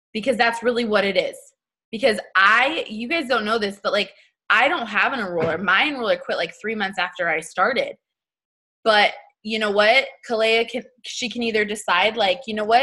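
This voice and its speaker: Bright-voiced woman giving a pep talk. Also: mid-range voice, moderate pace, slightly rough. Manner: animated, acts out little scenes in quoted voices; blunt and chatty, with casual slang. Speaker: network marketing team leader. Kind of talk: motivational talk to her team.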